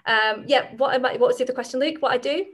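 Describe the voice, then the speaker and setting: A woman from the north of England with a softened Northern English accent, chatting casually as a podcast guest, laughing often and joking about herself. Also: high voice, rapid-fire. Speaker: guest, brand strategist.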